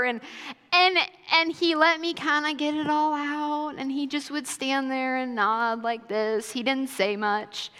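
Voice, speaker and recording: A woman's voice: high-pitched, measured pace, pushed and bright, clear, resonant tone. A young adult woman giving a conversational sermon full of personal stories. She talks in a casual, chatty way with fillers like "kinda" and "like". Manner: casual and chatty, many fillers like 'kinda' and 'like'. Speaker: church speaker. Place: church auditorium. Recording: long reverb of a large church hall.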